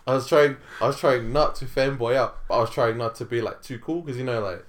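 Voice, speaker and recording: Kiwi dude rambling thru a story, um and like everywhere, easygoing chat. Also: male voice, mid-range voice, a little fast. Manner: laid-back storytelling with many fillers and laughs. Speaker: tournament organiser. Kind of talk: casual chat.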